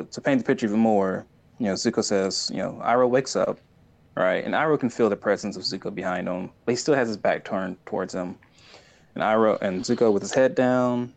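A man with a low, gravelly voice talks through a beloved scene in casual chat. He is earnest and eager, circling back with restarts and fillers as he builds his point. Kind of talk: casual chat recapping a show.

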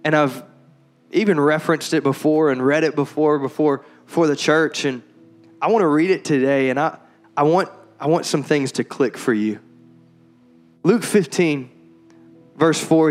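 A young adult man preaching as a pastor in a church, moving from calm talk to loud, impassioned preaching. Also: on the high side, a little slow, soft background music. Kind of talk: sermon. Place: church hall.

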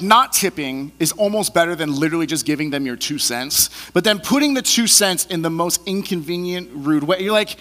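A man preaching a sermon in a relaxed, conversational way, animated as he acts out the people in his stories. His voice sits a bit high and sounds bright and forceful. A long reverb hangs around every phrase, as if he is in a large church sanctuary. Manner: animated storyteller acting out scenes. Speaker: pastor.

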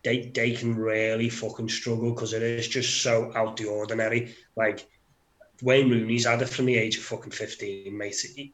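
A man's voice: mid-range voice, a bit bright. A man co-hosting a podcast, getting heated and swearing a lot as he rants in casual chat. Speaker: podcast co-host. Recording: roomy echo.

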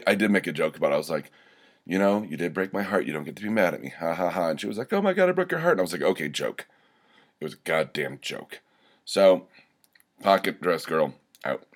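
A young man telling a personal story in a wry, sardonic monologue, full of fillers and restarts. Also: low-pitched.

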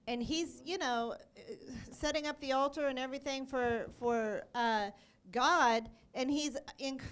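A woman's voice: high voice, a little slow, clear, resonant tone. A woman teaching on scripture in an informal church setting, telling stories and acting out the quotes. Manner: animated storyteller, acts out quotes.

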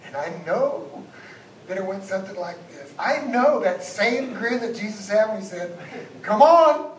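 High-voiced preacher in an echoey church. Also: male voice, expressive, normal speed. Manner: swings from loud exhortation to hushed asides. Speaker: guest pastor. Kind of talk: sermon. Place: church sanctuary. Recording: echoey church sound from a distance, background noise.

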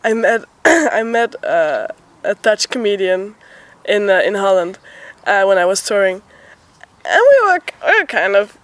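A young adult woman, a comedian, co-hosting a podcast in casual chat, telling a story with lively quotes and frequent laughter. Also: mid-range voice, unhurried. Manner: animated storyteller, acts out quotes, laughs often. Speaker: podcast co-host.

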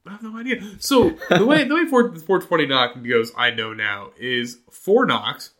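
A man from Montana hosting a podcast, casually telling a lively story and acting out the voices of people in it. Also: on the high side, normal speed, heavy background noise. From Montana, USA. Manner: animated, acts out quoted voices in his stories. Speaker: podcast host.

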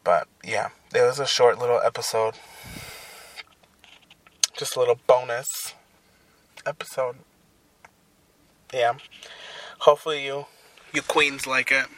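A man's voice: mid-range voice, fairly even intonation, measured pace, long pauses, fairly bright tone. A young man hosting a casual solo podcast from his parked car, rambling and swearing as he talks. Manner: crude, rambling, profane storytelling. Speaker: podcast host.

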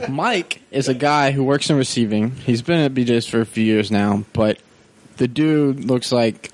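A man in casual podcast chat, telling a story in a rambling, animated way and then explaining a point at length. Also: medium pitch, moderate pace, background noise. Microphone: podcast microphone.

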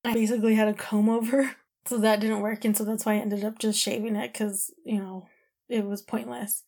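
A woman's voice: mid-range voice, flat delivery, brisk, dark tone. A woman in her thirties telling a personal story in a candid, emotional, rambling way, full of "like" and "you know".

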